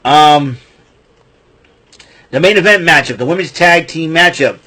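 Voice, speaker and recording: Give me a husky-voiced man chatting casually through a wrestling recap, full of fillers and chuckles. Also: fairly high pitch, a little slow, bright, forceful tone. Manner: rambling, chuckling, many fillers and restarts.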